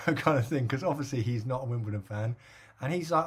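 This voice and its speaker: A husky middle-aged man from England rambles through a story in casual podcast chat. He fills his talk with "like" and "obviously" and laughs as he goes, at an average pitch. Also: quick pace, hardly any pauses, a bit bright. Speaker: podcast co-host.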